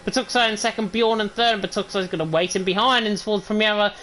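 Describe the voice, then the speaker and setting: A man giving rapid, excited play-by-play commentary on an online racing league. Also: sits high. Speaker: lead commentator.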